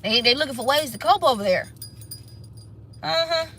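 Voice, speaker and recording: A high, bright woman giving a casual tarot reading. She talks sassy and emphatic, swears freely and hammers her points home by repeating them. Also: lively intonation, normal speed, slight background noise. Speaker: tarot reader.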